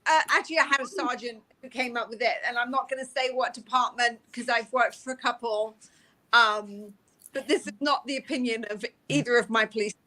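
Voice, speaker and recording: A middle-aged English woman who is a police officer tells her stories in a casual interview, chatting and laughing. Her voice is a little high, brisk and sharp, and she's self-deprecating.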